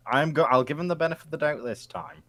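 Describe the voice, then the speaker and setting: A man playing a team game with friends, giving quick tactical calls. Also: on the high side, sharp tone. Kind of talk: casual game chat.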